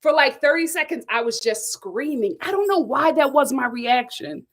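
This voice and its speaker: Young woman streamer with a high voice; animated, dramatic storyteller with lots of laughing. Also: normal speed. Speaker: host of a live reality-show review channel. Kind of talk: casual storytelling to a live chat.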